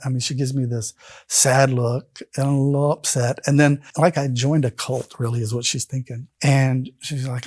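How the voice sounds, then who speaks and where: A man in his fifties telling his own conversion story in an animated way, acting out the voices he quotes. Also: medium pitch, normal speed, slightly rough, no room sound. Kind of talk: personal storytelling.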